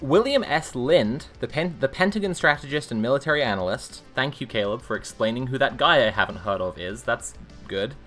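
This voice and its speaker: A woman's voice: very deep voice, animated, a little fast, hardly any pauses, fairly bright tone, faint music behind. A woman live-streaming, reading a book aloud and breaking off into sarcastic, rambling commentary. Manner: sarcastic, rambling asides between read passages.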